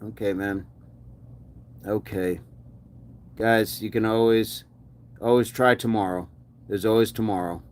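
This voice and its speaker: A man's voice: fairly low pitch, steady tone, measured pace, long pauses. An American man hosting a daily fitness livestream, reading out chat comments and cheering viewers on in an upbeat, encouraging way. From United States.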